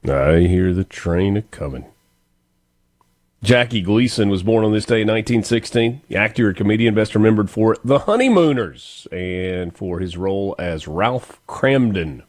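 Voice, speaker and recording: A man's voice: lowish voice, animated, moderate pace, few pauses. A man hosting a morning radio talk show, chatting casually and reading birthdays and sponsor spots. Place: radio studio.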